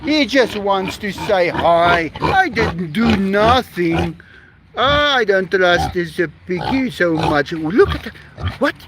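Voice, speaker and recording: Animated man talking to his animals. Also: sits high, slow, very noisy. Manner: animated, talks to viewers and animals. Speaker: vlogger on an animal farm. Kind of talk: casual live-stream chat. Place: outdoors among farm animals.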